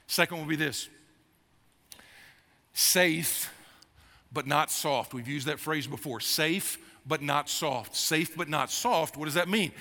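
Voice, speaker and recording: A high, gravelly male pastor in his fifties preaching a sermon. He talks with a bright, forceful edge and drives points home by repeating them. His voice rings with the long reverb of a big church sanctuary. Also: slow pace, pauses often. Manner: emphatic, repeats phrases, grows animated. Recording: long reverb of a large hall.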